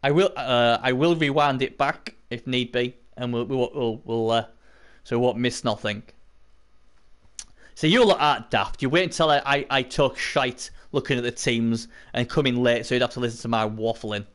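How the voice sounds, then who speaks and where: A man's voice: medium pitch, moderate pace. Rambling man commentating a stream. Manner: rambling, chatty, greets chat viewers mid-commentary. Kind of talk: casual live-stream commentary.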